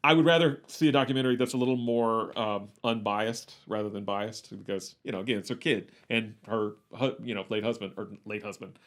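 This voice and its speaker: A man's voice: on the low side, brisk, hardly any pauses. A man co-hosting a movie podcast, chatting casually in a rambling, wry way and often correcting himself mid-sentence. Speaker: podcast co-host.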